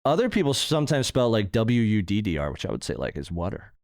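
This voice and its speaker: A man's voice: on the low side, big pitch swings, fast talker, a little mellow, dry recording, studio quality. A man co-hosting a podcast in casual chat, sarcastic and laughing often. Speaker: podcast co-host. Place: podcast studio.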